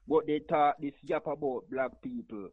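Jamaican caller, patois, passionate and rambling, slightly high voice, dry tinny phone sound. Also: male voice, moderate pace, breathy edge, no echo. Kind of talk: call-in radio talk.

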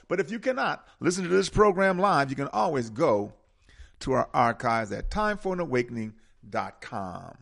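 A man's voice: medium pitch, expressive, vocal fry, a bit bright. A man hosting a radio talk show, speaking with an emphatic, preaching cadence and repeating key words. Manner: preaching cadence with dramatic pauses.

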